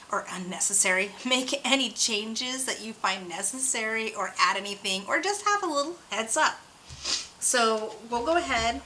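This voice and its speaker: A young woman talks to her viewers in a loose, rambling vlog style, bubbly and a little hyper. Her voice is bright and ringing, set in the middle of the usual range for women. A faint room ambience sits under her talk. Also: mid-range voice, a little hiss or hum, poor audio. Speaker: oracle card reader and channel host. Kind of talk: casual chatty vlog.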